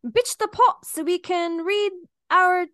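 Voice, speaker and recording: A woman's voice: extremely high pitch, slow pace, a bit bright, no echo, studio quality. A woman co-hosting a podcast in casual chat, playful and giggly as she reads out silly phrases. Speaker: podcast co-host.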